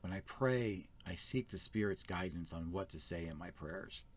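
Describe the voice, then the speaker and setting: A man's voice: deep voice, moderate pace. A man speaking as first elder of a small church, giving an earnest, plain-spoken sermon.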